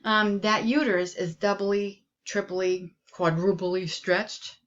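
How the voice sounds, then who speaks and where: A woman's voice: mid-range voice, steady tone, takes it slowly, highs cut off. A woman nursing instructor giving a recorded lecture in a loose, conversational way, with frequent ums and repeated words. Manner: many ums, conversational and repetitive.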